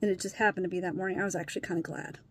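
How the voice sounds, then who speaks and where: A woman's voice: on the low side, steady tone, racing, slight background noise. A woman talking bluntly in a candid personal vlog, upset and emotionally worn, swearing casually. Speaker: vlogger.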